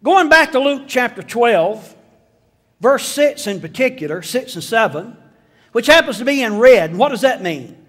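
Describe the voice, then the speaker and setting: High-voiced folksy preacher. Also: male voice, very animated, normal speed, fairly bright tone. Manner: folksy storytelling with jokes and voiced asides. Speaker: pastor. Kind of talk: sermon. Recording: long hall reverb.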